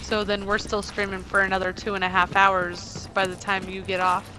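A woman's voice: medium pitch, completely flat delivery, normal speed. A woman teasing her teammates and calling out plays while streaming a co-op shooter. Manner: playful, teasing, calls out plays. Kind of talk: casual gaming chat. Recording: game gunfire and noise behind.

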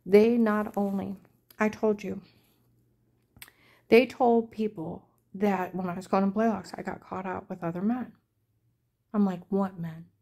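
Indignant middle-aged woman, mellow voice. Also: lowish voice. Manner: aggrieved, indignant, rambling. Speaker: vlogger. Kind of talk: rambling personal storytelling.

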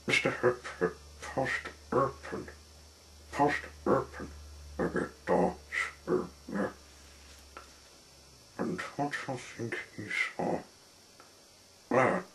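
A man reading a children's picture book aloud, halting often with repeated words and fillers. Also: mid-range voice, fairly bright tone, a little hiss or hum. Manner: halting, with many restarts and fillers. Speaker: storyteller.

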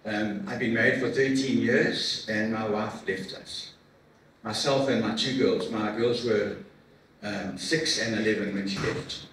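A middle-aged man giving a heartfelt personal testimony to a men's breakfast, earnest and emotional, halting with repeats and fillers. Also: fairly low pitch, steady tone, fairly bright tone. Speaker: guest speaker at a men's breakfast. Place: large room at a church men's event. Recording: echoey hall from far off with faint noise.

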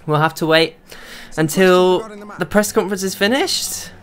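A young man narrating his own football video game as a gaming creator, talking to himself and bursting into high shouts when chances come. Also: unhurried. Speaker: gaming YouTuber. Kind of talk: live gameplay commentary.

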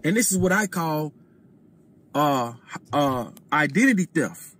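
A man speaking as a guest on a casual podcast, lecturing in a deliberate way and often dropping his voice low. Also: animated, a bit bright.

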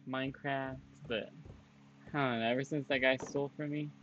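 A streamer giving casual gameplay commentary in a rambling, offhand way, as if chatting to himself. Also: male voice, mid-range voice, steady tone, normal speed, a bit bright. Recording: dull lo-fi audio.

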